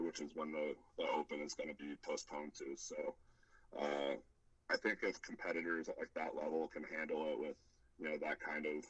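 A man with an extremely deep voice talks in a relaxed podcast chat. He is a powerlifting coach who hesitates often and fills the gaps. The sound is dry and close. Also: no echo, low-quality recording. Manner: hesitant, many fillers and restarts.

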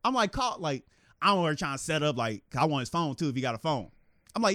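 A man telling a story animatedly in casual podcast chat, laughing and acting out quotes in a higher voice. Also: very animated, fast talker, fairly bright tone, no echo, studio quality. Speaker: podcast co-host.

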